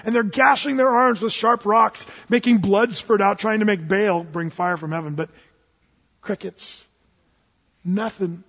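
A male pastor preaching a sermon as an animated storyteller, swinging between loud bursts and hushed asides, with joking asides. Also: high-pitched, a little slow, slightly rough, in a large hall, dull audio.

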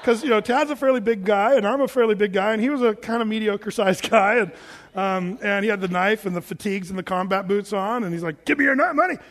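Guy preaching in a big echoey church, high voice, jokey and acting stuff out. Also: fairly even intonation, brisk. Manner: jokey, acts out quoted voices; self-described big guy. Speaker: pastor. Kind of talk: sermon. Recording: long reverb of a large hall.

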